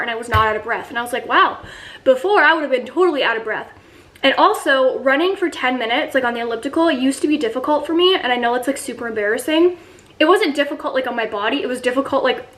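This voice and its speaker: A woman's voice: high voice, fairly bright tone, low-quality recording. A woman in her twenties talking casually to her vlog audience, chatty and rambling with lots of fillers. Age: 20s. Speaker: vlogger.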